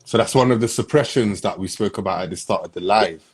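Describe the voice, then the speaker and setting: A man hosts a casual online live interview, with a notably low, deep voice. He speaks in a relaxed way and keeps his guest going with short agreements. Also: fast, breathy edge. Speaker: live stream host. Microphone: online live stream.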